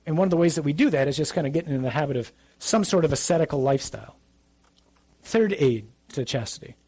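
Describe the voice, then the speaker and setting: A man's voice: a little high, expressive, fast, a little mellow, breathy edge, dry recording. A middle-aged man, a priest, giving a conversational, emphatic sermon with asides.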